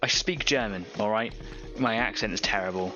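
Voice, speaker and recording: A man's voice: lowish voice, normal speed, highs cut off, music in the background. A man hosting a live painting stream, chatting casually, rambling and laughing at his own jokes.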